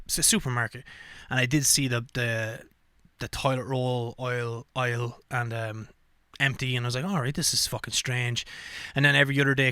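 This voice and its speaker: A podcast host talks straight into the mic in a casual, swear-heavy rant. His voice is bright and forward. The sound is dry and close. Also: medium pitch, no room sound. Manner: profane, animated rants with frequent fillers. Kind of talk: casual ranting monologue.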